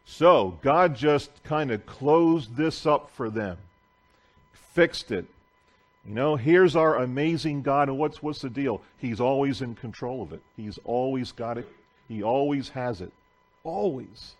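A man preaching a sermon to a congregation in a church, reading scripture aloud with deliberate pauses. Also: medium pitch.

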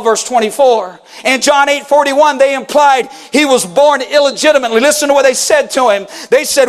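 A man preaching a fervent revival sermon in a church, shouting in rhythmic waves and calling for responses from the congregation. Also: very high-pitched.

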